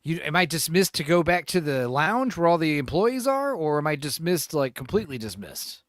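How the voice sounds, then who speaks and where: A man's voice: a little high, normal speed, no echo, studio quality. A man hosting a podcast in casual, joking group chat. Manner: joking, laughs often, lively. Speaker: podcast host.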